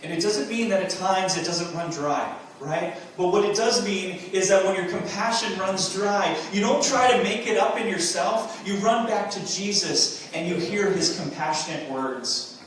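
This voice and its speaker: A man preaches from the pulpit in an earnest voice, slightly high for a man, asking rhetorical questions and pressing points with emphatic bursts. His voice rings through a very echoey sanctuary, picked up from some distance. Faint room hum sits underneath. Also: moderate pace. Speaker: pastor. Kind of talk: sermon.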